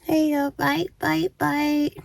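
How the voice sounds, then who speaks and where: A woman's voice: high-pitched, level tone, slow pace, gravelly, background noise. A woman in her fifties casually telling a storytime on her vlog, chatty and often laughing while eating. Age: 50s. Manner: eating while talking to viewers. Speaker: YouTuber.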